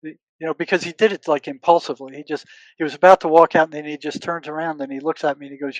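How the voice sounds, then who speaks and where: An older man speaks as an interview guest, his voice sitting a bit high for a man. He tells stories earnestly, repeating words as he searches for them and acting out old conversations. The sound is close and dry. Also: fairly even intonation, very fast, dry recording, rough recording. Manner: relives past conversations, quoting himself and others. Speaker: guest, retired psychotherapist. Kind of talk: conversational storytelling.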